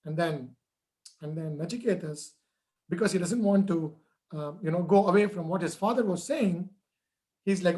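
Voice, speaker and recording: A man's voice: high-pitched, normal speed, long pauses, darkish tone. A man telling a traditional story to children in a conversational way, checking in with his listeners.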